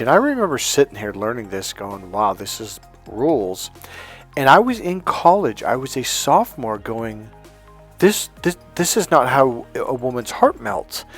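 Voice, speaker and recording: A man's voice: mid-range voice, slightly rough. A man coaching on dating, lecturing emphatically with stories and repeated points over faint background music. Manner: emphatic, repetitive lecturing with anecdotes. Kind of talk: teaching to camera.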